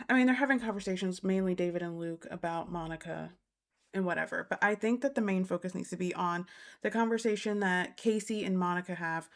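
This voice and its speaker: A woman hosting a casual reality TV recap, talking bluntly and repeating her points for emphasis. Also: mid-range voice. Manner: blunt and exasperated. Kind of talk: casual opinionated commentary.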